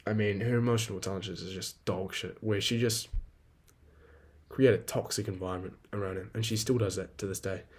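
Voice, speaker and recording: Young guy in his 20s hosting a solo podcast, low-pitched, loose and profane, rambling and venting. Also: steady tone, a little fast, slightly rough. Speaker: podcast host. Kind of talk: casual solo podcast monologue.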